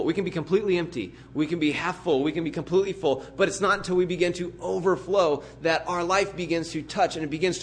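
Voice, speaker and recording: A pastor preaching a sermon in an earnest, emphatic way, building vivid everyday illustrations. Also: male voice, on the high side. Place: church.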